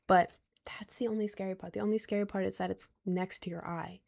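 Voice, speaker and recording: A woman's voice: medium pitch, steady tone, fairly quick, creaky, darkish tone. A young woman chatting casually with her viewers, rambling and repeating herself in loose slang. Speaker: streamer answering chat. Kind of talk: casual chat.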